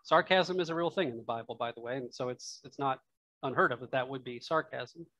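A man's voice: mid-range voice, fairly quick, bright, forceful tone, no echo. A man preaching a sermon in church, talking it through in a casual, musing way with asides. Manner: conversational, musing aloud with asides and laughs. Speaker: pastor.

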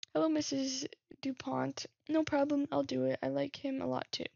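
A woman streamer reading text messages from a game aloud and thinking out loud about them, laughing at her own slips. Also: high-pitched, level tone, normal speed, gravelly, few pauses, dry recording, dull audio. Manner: reads messages aloud, muses and laughs at herself. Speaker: gaming streamer.

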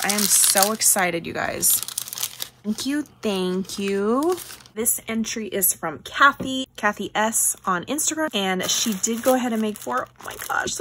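A woman hosting a craft channel, unboxing handmade gifts in a gushing chat, with breathy exclamations and soft whispered asides. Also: mid-range voice, noisy background.

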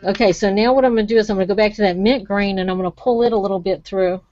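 A woman's voice: mid-range voice, fairly even intonation, very fast, a little mellow, dry recording, dull audio, faint music behind. A woman giving a chatty, encouraging live craft demonstration and talking straight to her viewers.

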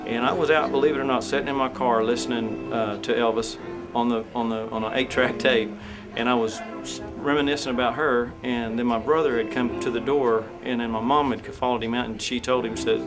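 A man's voice: mid-range voice, steady tone, fairly quick, rough recording. An older man being interviewed, who tells a personal story in a plain way. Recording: guitar music behind.

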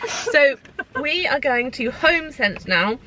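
A woman's voice: sits high, animated, slow pace, bright, forceful tone, a little hiss or hum, poor audio. A woman in her thirties chatting casually while vlogging a shopping trip. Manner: chatty, giggly. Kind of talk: casual road trip chat.

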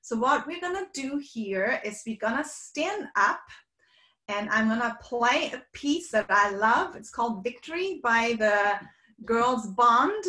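A woman from Sweden and Germany, a communication coach, talking quickly and at length in an online workshop and playing with her voice. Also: fairly high pitch, pushed and bright, roomy sound. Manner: fast and talkative, playfully demonstrates vocal variety. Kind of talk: energetic online workshop talk. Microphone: video call.

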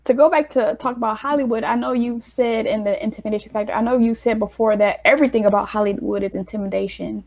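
A woman's voice: on the high side, fairly even intonation, fast talker, few pauses, darkish tone. A woman hosting a casual interview, asking questions and giving short agreeing replies. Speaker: interviewer, host.

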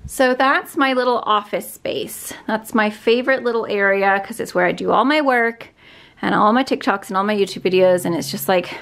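A woman's voice: mid-range voice, moderate pace, fairly bright tone. A woman giving a casual, chatty tour of her bedroom filming room as a beauty vlogger, upbeat and full of fillers.

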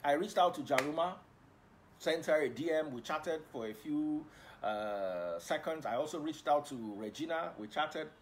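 A man's voice: fairly high pitch, animated, normal speed, slight background noise. A middle-aged Nigerian man with a Nigerian accent, a broadcaster chatting casually to viewers live, playful and a bit preachy, mixing English with pidgin. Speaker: livestream host and broadcaster.

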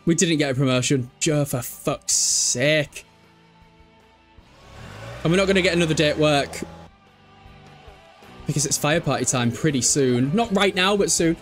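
A man's voice: on the high side, measured pace, long pauses, soft background music. A young man from England, chatting casually as he streams a game, swearing and laughing often. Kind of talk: casual live game commentary.

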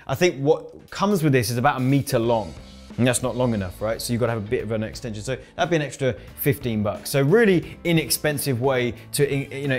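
Speaking straight to camera, an energetic male coach teaches a lesson on video ads in a slightly high-pitched voice. He drives his points home with quick tag questions while soft guitar music plays faintly underneath.

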